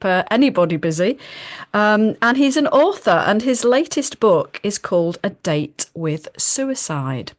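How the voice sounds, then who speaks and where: A woman hosting an interview podcast, introducing her guest in a measured, encouraging way. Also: fairly high pitch, dry recording. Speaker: podcast host.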